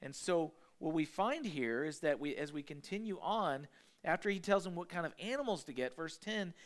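A male pastor preaching a sermon in an animated, conversational way, with emphatic asides to the congregation. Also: fairly high pitch, normal speed.

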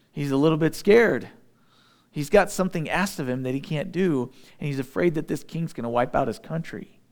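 A man preaches through a scripture passage. His voice sits a little higher than most men's. He reads verses and then breaks them down in plain, homespun talk with a touch of humor. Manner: plain-spoken, folksy asides with light humor. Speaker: pastor. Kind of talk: sermon, reading and explaining scripture.

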